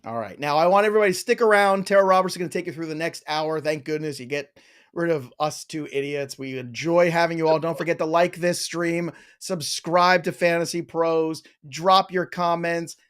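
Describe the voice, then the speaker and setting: A man's voice: a little high, fairly even intonation, moderate pace, a bit bright, clean tone. A man hosting a live stream Q&A, reading viewer questions with playful, joking banter.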